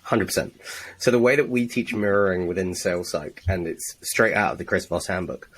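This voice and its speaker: A man's voice: deep voice, brisk, a bit bright, slight background noise, low-quality recording. A man co-hosting a casual sales chat, explaining techniques with blunt, profane emphasis. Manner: profane, emphatic, teaching with examples. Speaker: sales trainer, co-host.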